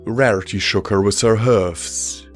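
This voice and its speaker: A low-pitched man narrating a fan-fiction audiobook. He reads in measured, steady tones, with faint music underneath. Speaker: audiobook reader.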